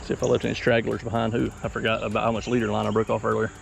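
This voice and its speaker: Wading a mountain creek, a fishing vlogger keeps up easygoing, chatty commentary as he casts. His voice is lowish, monotone, and gravelly, and he talks at a racing pace. Insects are audible in this outdoor field recording.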